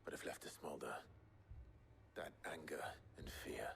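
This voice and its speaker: A deep, hushed warrior hero. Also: male voice, normal speed, vocal fry, whispered, heavily acted. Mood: serious. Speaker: game character.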